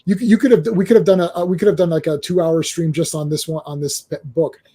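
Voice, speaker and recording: A man hosting a casual comic book discussion, animated, with stammering restarts and acted-out quotes. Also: on the high side, quick pace, breathy edge. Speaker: comic book show host.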